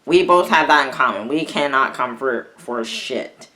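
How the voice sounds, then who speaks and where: A young man telling a personal story in a vlog, halting and rambling, often restarting his sentences. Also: medium pitch, sharp tone. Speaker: vlogger.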